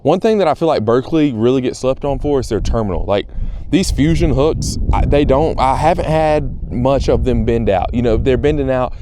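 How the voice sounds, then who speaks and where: A man chatting casually and excitedly to viewers outdoors by a pond while fishing. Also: mid-range voice, moderate pace, a little hiss or hum. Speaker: fishing vlogger. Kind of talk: casual on-the-water vlog chat.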